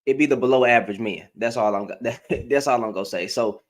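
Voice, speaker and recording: An American woman hosts a livestream, delivering blunt, heated reaction commentary and repeating her phrases often. Her voice is very deep and she talks a little fast.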